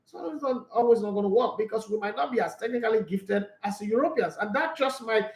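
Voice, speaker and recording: Outspoken high-voiced Nigerian man. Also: fast talker, creaky, roomy sound, rough recording. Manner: outspoken, emphatic, opinionated. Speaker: sports talk show host. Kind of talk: casual sports commentary, reading viewer comments.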